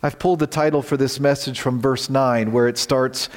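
A man preaching a sermon as pastor, swinging from quiet, low lines to shouted warnings. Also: steady tone, moderate pace. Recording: long reverb of a large hall.

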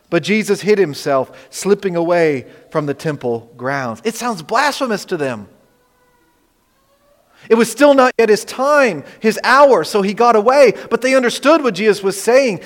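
Male pastor, high voice, emphatic sermon delivery with hushed asides, reverberant hall. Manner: emphatic preaching, drops to hushed tones, asks the congregation "right?".

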